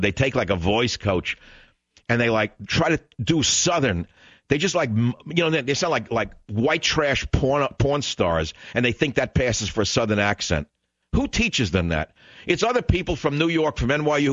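A man's voice: medium pitch, big pitch swings, moderate pace, fairly bright tone, no room sound, dull audio. A man hosting a talk radio show, ranting and sarcastic in a combative monologue.

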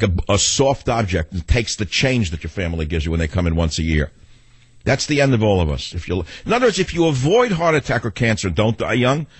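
A man's voice: fairly low pitch, breathy edge, no echo. A middle-aged man hosting a talk radio show, combative and sardonic, rambling between arguing with callers and monologue.

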